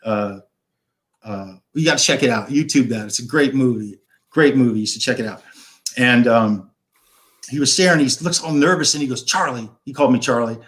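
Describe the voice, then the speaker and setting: A man's voice: medium pitch, fairly quick, a bit bright. A man in his fifties, a guest on a live stream, telling a long rock-and-roll story in a rambling way, swearing and acting out the dialogue. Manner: rambling, swears freely, acts out quoted dialogue.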